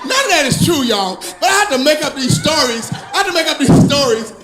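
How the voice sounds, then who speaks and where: High-voiced, animated stand-up comedian. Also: male voice, brisk, faint music behind. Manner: animated storytelling, laughing at his own jokes, sing-song delivery. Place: comedy club stage.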